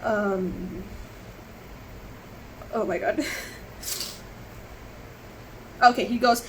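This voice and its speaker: Shaken and close to crying, a woman recounts her story in an emotional live-stream monologue, rambling, apologizing, and starting sentences over. She speaks at a medium pitch, extremely slowly and with frequent pauses, in a rough recording with a little hiss or hum.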